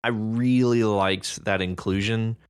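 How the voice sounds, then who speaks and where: Deep-voiced man chatting on a podcast. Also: fairly even intonation, slow pace, clean tone, no echo, clean studio sound. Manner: chatty, enthusiastic, laughs easily. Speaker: podcast co-host. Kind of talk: casual chat about reader stories.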